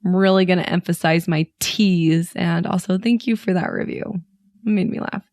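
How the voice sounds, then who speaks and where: A woman with a Utah accent hosting a podcast in a chatty, self-deprecating way, her voice a little hoarse and raspy. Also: fairly low pitch, normal speed, a little mellow, dry recording, clean studio sound. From Utah, USA. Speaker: podcast host. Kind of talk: casual podcast chat.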